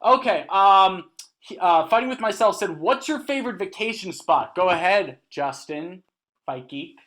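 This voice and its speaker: A man's voice: sits high, lively intonation, moderate pace, fairly bright tone. A man co-hosting a casual podcast, trading teasing jokes with his partner. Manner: joking, teasing banter. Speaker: podcast co-host. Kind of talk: casual chat.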